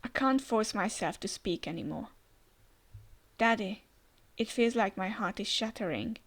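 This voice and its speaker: Woman voicing a scared grieving girl, comic book, plain reading, mid pitch. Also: a little slow. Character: frightened, grieving young girl.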